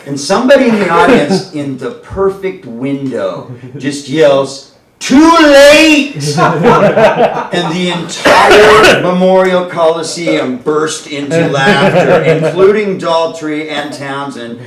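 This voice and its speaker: A man's voice: a little high, expressive, unhurried. An older man hosting a comedy show, chatting with the crowd and introducing comics. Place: comedy stage. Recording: roomy room from far off.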